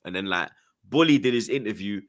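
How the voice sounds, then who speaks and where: A man's voice: fairly low pitch, fairly quick. A young man telling a story in street slang and acting out what people said. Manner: London slang, acts out quoted lines, excitable. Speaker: podcast guest. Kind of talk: animated storytelling.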